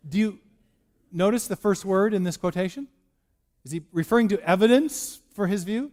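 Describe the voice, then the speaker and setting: High-voiced man giving a lecture. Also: moderate pace, a little mellow. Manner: explanatory, frequent restarts and repeated words. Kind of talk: public lecture.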